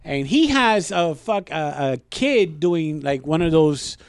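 A man with a gravelly, slightly high voice tells a rowdy, profane story on a podcast. He acts out the voices of the people he met. The sound is close and dry. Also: slow pace, no echo. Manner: profane, animated retelling with quoted dialogue. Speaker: podcast co-host. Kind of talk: casual storytelling.

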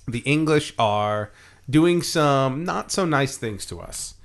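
A man's voice: medium pitch, expressive, takes it slowly. A man talking through history for a podcast in a casual, joking style. His voice sits in an ordinary middle range, and he keeps things loose with fillers and easy laughs. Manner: loose, jokey storytelling with frequent laughs and fillers. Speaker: podcast co-host explaining history. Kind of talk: casual comedic history chat.

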